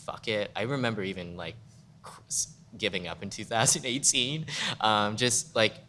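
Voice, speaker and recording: A man's voice: lowish voice, expressive, moderate pace, pushed and bright, slight background noise. A man guest photographer in a casual panel talk, rambling and frank, full of "like" fillers. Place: museum event space.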